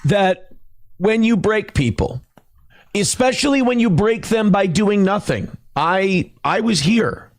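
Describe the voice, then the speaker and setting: A man's voice: high voice, expressive, takes it slowly, no room sound. A man streaming a monologue, theatrical and boastful, dramatizing his own feelings. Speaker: livestreamer. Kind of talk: livestream monologue.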